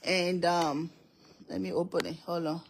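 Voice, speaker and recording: A woman's voice: lowish voice, flat delivery, measured pace, slight background noise. A middle-aged woman hosting a casual livestream from home, greeting viewers by name and laughing often. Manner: laughs often, calls out viewer names one by one.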